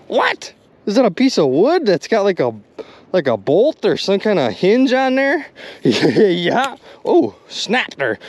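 A man commenting excitedly to his viewers while magnet fishing outdoors by a river. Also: sits high, no room sound. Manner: excitable, addresses viewers as "you guys".

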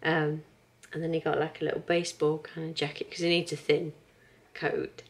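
A woman's voice: low voice, little pitch movement, normal speed. Chatty woman vlogging at home. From England. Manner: chatty, rambling, laughs often. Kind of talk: casual chatty vlog.

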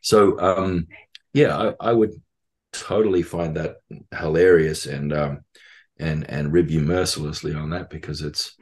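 A man's voice: very deep voice, fairly even intonation, measured pace. A man talking as a podcast guest in casual conversation. He jokes, laughs a lot and rambles with plenty of fillers. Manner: joking, laughs often while talking.

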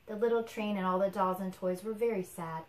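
A woman reading a children's picture book aloud to a young child, expressive and patient. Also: medium pitch, fairly quick. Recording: roomy echo.

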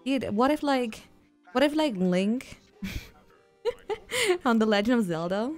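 A woman's voice: on the high side, slow pace, long pauses, soft background music. Giggly young woman gaming streamer. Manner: excitable, swearing, yelps and shrieks in panic; giggly, jokey rambling. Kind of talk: casual livestream gaming chatter. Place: at home, playing in VR.

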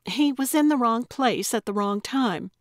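Woman playing threatening female villain, hissing and contemptuous, slow delivery. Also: on the high side, animated, no echo, clean studio sound, pitched above the performer's own voice. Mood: menacing. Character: menacing woman criminal, cold and contemptuous.

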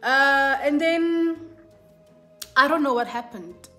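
A woman's voice: sits high, takes it slowly, pushed and bright, faint music behind. Chatty South African woman, code-switching. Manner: chatty, switches between English and isiZulu, keeps saying "yabo". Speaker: YouTuber. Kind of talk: casual storytime.

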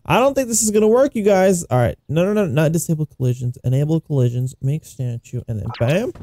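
A man giving casual gameplay commentary, excitable and giggly, with frequent exclamations. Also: a little high, brisk, few pauses, no echo. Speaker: gaming YouTuber.

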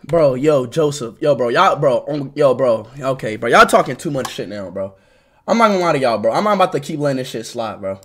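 A man's voice: mid-range voice, lively intonation, a little fast, fairly bright tone. A young man livestreaming, ranting at his chat with constant swearing and repeated "bro".

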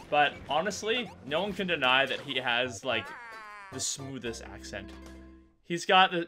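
A man's voice: mid-range voice, lively intonation, unhurried, bright, forceful tone, soft background music. A Canadian man commentating his gameplay casually, swearing freely, ranting and laughing as he talks to his viewers. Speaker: gaming streamer.

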